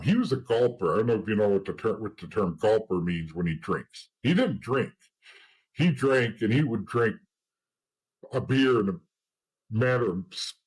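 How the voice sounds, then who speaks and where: A middle-aged man tells his story in an interview, bluntly and with plenty of swearing, slipping into the voices of people from his past. His voice sits low and sounds husky and a little rough. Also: low-quality recording. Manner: blunt, profane, acts out past conversations. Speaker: interview guest, former informant.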